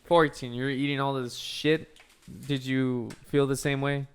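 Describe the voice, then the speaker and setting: A man's voice: medium pitch, flat delivery, unhurried, clean tone. A young man co-hosting a podcast, joking around and swearing freely in casual chat. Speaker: podcast co-host.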